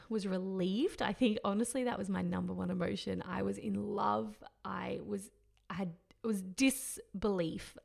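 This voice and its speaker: A woman with a gravelly, medium-pitched voice hosts a podcast and tells a personal story. She's emotional and reflective, often pausing to search for words.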